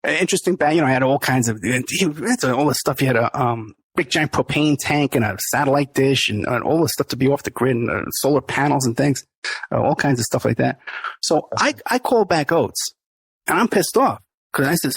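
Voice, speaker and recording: A man's voice: mid-range voice, animated, a little fast, breathy edge, dry recording. A middle-aged man, the podcast host, telling a story in a casual interview, laughing often and acting out the people he quotes.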